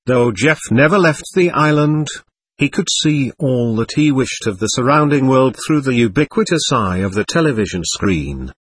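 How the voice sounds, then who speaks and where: A man narrating an audiobook in a measured, expressive storytelling manner, recorded on a close mic. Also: mid-range voice, breathy edge, no echo. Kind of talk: scripted narration.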